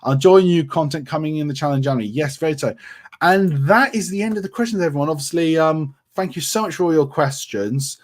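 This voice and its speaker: This man's voice sits on the high side and moves fairly quickly. Originally from around Milton Keynes in England, he livestreams casually from home in North Yorkshire, reading out comments from viewers and answering with friendly chatter and lots of ums.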